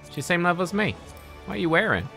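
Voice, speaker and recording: A chatty male gaming streamer talking through his playthrough, swearing and laughing easily. His voice is bright and forward, rising and falling a lot, with faint game music behind. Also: high-pitched, sing-song, fast talker, vocal fry. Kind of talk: casual let's-play commentary.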